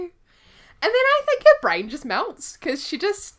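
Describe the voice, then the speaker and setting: A woman's voice: very high voice, huge pitch swings, unhurried. A woman co-hosting a casual podcast chat, teasing and laughing often while she talks. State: recovering from illness. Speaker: podcast co-host.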